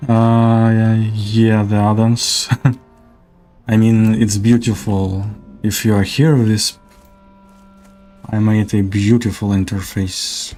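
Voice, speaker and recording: A man's voice: lowish voice, flat delivery, takes it slowly, dark tone, faint music behind. A man giving casual, hesitant gameplay commentary as a streamer. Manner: hesitant, many fillers.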